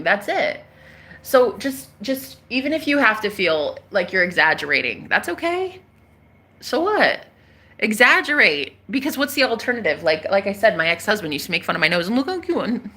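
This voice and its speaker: Bright-voiced excitable woman vlogger. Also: medium pitch, husky. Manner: excitable, emphatic, sweary. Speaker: spiritual vlogger. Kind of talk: casual vlog monologue.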